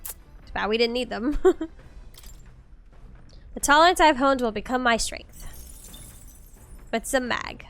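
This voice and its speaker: A woman's voice: fairly high pitch, animated, takes it slowly, pauses often, fairly bright tone, soft background music. A woman streaming a video game, chatting casually and reading the game's dialogue aloud between laughs.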